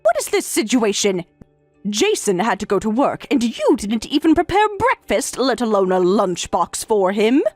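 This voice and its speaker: A woman's voice: a little high, big pitch swings, moderate pace, darkish tone, dry recording, faint music behind. Synthetic woman voice as a scolding mother-in-law. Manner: scolding, lecturing tone. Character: domineering older mother-in-law, scolding and proud of her son. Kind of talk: text-to-speech story reading.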